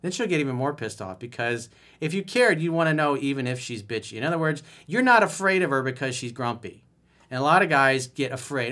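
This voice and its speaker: A man's voice: mid-range voice, animated, fairly quick, pushed and bright. Blunt, emphatic male dating coach. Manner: blunt and emphatic, reads viewer emails aloud and comments. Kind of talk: solo video advice monologue.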